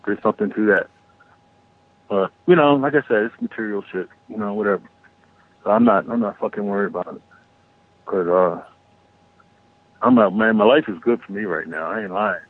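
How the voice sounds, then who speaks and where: A man's voice: on the low side, normal speed, pauses often. A man calling in to a talk radio show, rambling and swearing through an opinionated rant with lots of restarts. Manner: rambling, profane, restarts often. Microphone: phone. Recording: tinny phone line.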